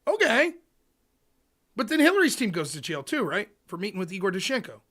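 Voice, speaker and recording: A man hosting a livestream, talking politics in an animated, profane rant. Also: sits high, fairly quick. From United States. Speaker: livestream host. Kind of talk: casual political chat.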